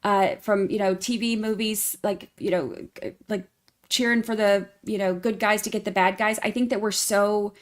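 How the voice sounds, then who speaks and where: A woman's voice: mid-range voice, steady tone, moderate pace. A woman hosting a casual true crime livestream, greeting members by name in a singsong tone and rambling with fillers and restarts.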